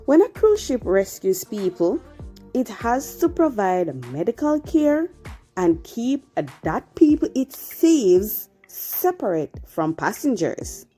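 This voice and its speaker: A woman's voice: fairly high pitch, very animated, slow pace, mellow, soft background music. A woman narrating a cruise vlog in an explanatory, conversational way. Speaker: cruise vlogger.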